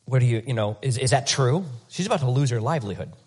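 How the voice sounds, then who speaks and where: A male pastor preaching a conversational, animated sermon with comic asides, often repeating words as he rethinks his sentences. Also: mid-range voice, fast, slightly rough.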